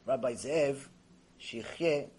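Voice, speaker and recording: A man giving a Torah lecture, telling stories and acting out dialogue in a lively, conversational way, mixing in Hebrew terms. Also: medium pitch, slow, slightly rough. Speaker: rabbi lecturer.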